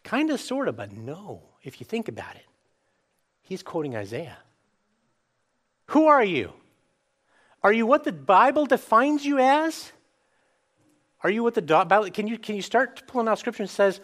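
Animated man preaching a sermon. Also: high voice, normal speed. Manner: animated, rhetorical questions, voices scripture quotes.

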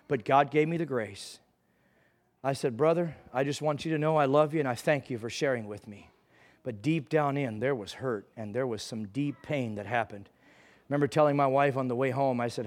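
Male preacher, high-pitched, earnest sermon testimony, repeats phrases. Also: normal speed. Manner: earnest, repeats phrases, rises to fervent pleading.

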